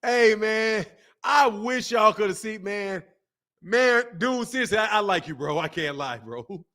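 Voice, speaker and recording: A man hosting a boxing channel, talking casually to his camera in animated, slangy commentary with frequent laughter. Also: high-pitched, unhurried. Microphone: camera mic.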